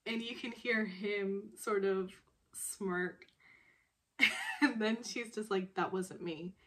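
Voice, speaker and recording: A woman vlogger recaps a drama episode in a casual, chatty way, her medium-pitched voice slow and sharp in tone. She giggles and laughs often while retelling it, rambling with plenty of fillers.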